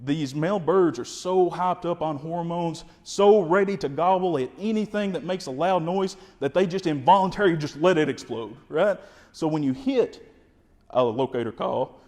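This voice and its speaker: A man with a Kentucky accent, explaining turkey calling in a folksy, energetic way and imitating the birds. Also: a little high, moderate pace, long reverb tail. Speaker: wildlife information specialist. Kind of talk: instructional explanation.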